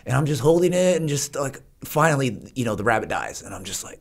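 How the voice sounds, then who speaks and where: A man's voice: mid-range voice, fast talker, vocal fry, hardly any pauses. A man guest on a casual interview, telling a story with laughs and acted-out quotes. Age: adult with a wife, past childhood. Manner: animated storyteller, laughs often, acts out quotes. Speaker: podcast guest.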